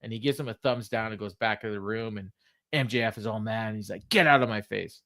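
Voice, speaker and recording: A man's voice: lowish voice, fairly even intonation, fast talker, fairly bright tone. A man co-hosting a podcast, casually recapping a wrestling show, quoting the wrestlers and laughing often. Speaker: podcast co-host.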